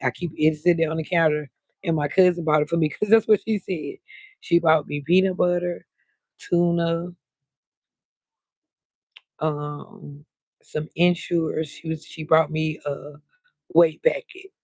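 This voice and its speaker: A woman's voice: low voice, steady tone, a little slow, pauses often, a little mellow, husky, no room sound. A woman hosting a casual late-night livestream, chatting freely and greeting viewers by name, drawing her words out. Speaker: livestream host.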